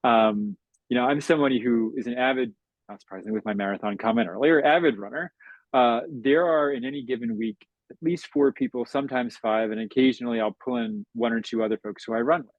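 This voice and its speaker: A middle-aged man from the United States talks in a reflective, measured way, circling his points with "you know". His voice is dry and close, with a slightly dull, muffled remote-call quality. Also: medium pitch, no echo. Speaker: guest. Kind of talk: conversational interview.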